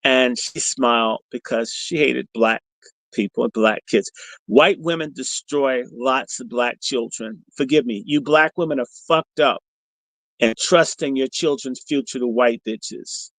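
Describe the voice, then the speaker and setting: A man's voice: medium pitch, a little slow, no room sound, low-quality recording. A middle-aged man hosting a podcast, telling a story in a provocative, profane, combative way. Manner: animated storyteller. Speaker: podcast host. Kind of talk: storytelling monologue on a livestream.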